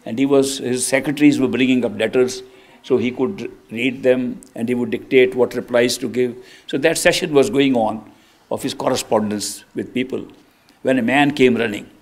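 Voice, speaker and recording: An older man, a spiritual teacher, giving a devotional discourse in an earnest, reflective storytelling manner that swings between soft and emphatic. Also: mid-range voice, fairly even intonation, moderate pace.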